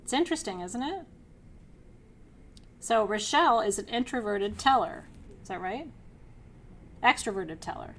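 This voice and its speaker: A middle-aged woman teaching a class, energetic and outgoing, who laughs often and keeps checking in with her listeners. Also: medium pitch, moderate pace, long pauses, slight background noise. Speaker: spiritual teacher leading an online class. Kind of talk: teaching a live class to students.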